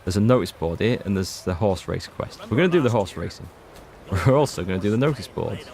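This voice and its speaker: Low-voiced Northern Irish gamer rambling. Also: male voice, animated, a little fast, darkish tone, slight background noise. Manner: chatty, rambling, self-interrupting. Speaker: gaming streamer. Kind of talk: casual let's-play commentary. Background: faint game music.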